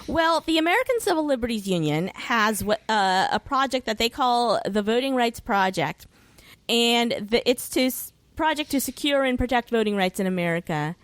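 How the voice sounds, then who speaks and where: A woman's voice: on the high side, expressive, normal speed, no echo. A woman with a law background, chatting on a podcast as a guest, laughing often. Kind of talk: casual podcast chat.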